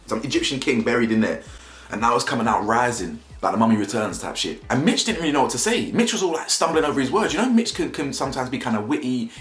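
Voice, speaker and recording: A man's voice: medium pitch, a bit bright. A young man giving slangy, mocking casual commentary as a video reviewer, laughing often. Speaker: YouTube reviewer. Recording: roomy echo, faint music.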